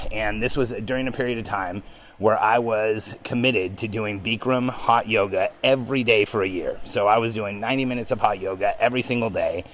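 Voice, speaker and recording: A man hosting a podcast, telling a story in an animated, excitable way with frequent ums. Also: on the low side, slight background noise, rough recording. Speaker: podcast host. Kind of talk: storytelling monologue.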